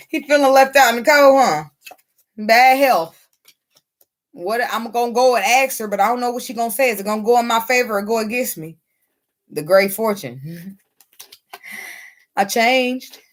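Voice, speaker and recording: Excitable, profane woman reading tarot. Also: a little high, moderate pace, pauses often. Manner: excitable, laughs often, swears freely. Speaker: tarot reader.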